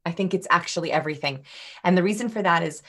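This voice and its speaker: Woman, body language expert, podcast guest, lowish voice, animated delivery. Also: fast talker, breathy edge. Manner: animated, demonstrates vocal tones. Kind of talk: podcast interview.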